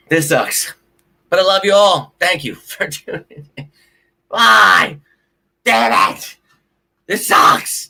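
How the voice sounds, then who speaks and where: A man's voice: medium pitch, bright, forceful tone, slightly rough. A man hosting a sports livestream, talking casually to his viewers, frustrated and ranting with some cursing. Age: adult with a child. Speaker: sports show host.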